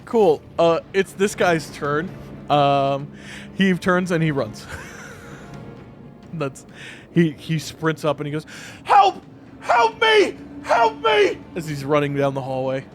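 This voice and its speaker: A man's voice: on the high side, fairly even intonation, takes it slowly, pauses often, soft background music. A man running a tabletop game as game master, narrating in a casual way with laughs and acted screams.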